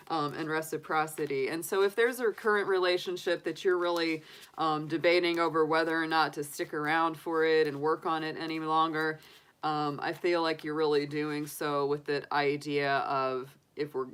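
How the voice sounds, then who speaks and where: Woman, tarot reader, low-pitched, bright voice, chatty, laughs a lot. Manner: chatty, laughs often, animated asides. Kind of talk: live tarot reading.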